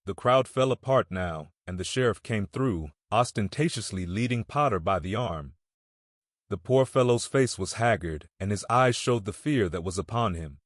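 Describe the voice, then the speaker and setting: A man narrates a classic novel in a measured, steady way. His voice sits on the low side. The recording is dry and close, with no room sound. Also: no echo. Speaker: audiobook narrator. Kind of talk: scripted narration.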